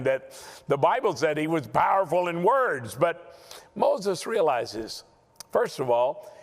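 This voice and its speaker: A man delivering a Bible lesson in sermon style, emphatic and repeating words as he restarts his phrases. His voice sits a bit high and swings widely in pitch at an unhurried pace. A long reverb trails after him as in a large hall. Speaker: Bible teacher.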